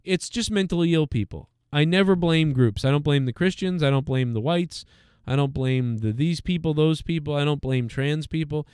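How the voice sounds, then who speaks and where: A man's voice: on the high side, normal speed, clear, resonant tone, dry recording. Male live stream host, loose and profane, clean dry close sound. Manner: rambling, profane, reacts out loud. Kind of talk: casual live commentary.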